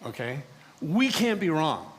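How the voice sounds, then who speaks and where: A pastor preaches in a church sanctuary, taking on the role of a prophet to tell the story in first person and voicing the other characters dramatically. His voice is on the high side with big pitch swings, and his pace is a little slow.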